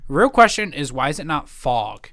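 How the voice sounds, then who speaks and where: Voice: mid-range voice, very animated, moderate pace, fairly bright tone, dry recording, clean studio sound. A podcast co-host in casual chat, joking and laughing often.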